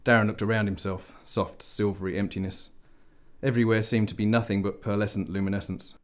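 A man reading a science fiction story aloud as narrator, dry and measured. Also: lowish voice, steady tone. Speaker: audiobook narrator. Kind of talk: scripted narration.

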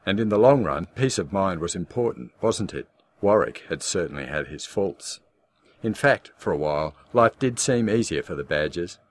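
A man in scripted audiobook narration with a measured, darkly wry storytelling manner. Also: sits low, lively intonation.

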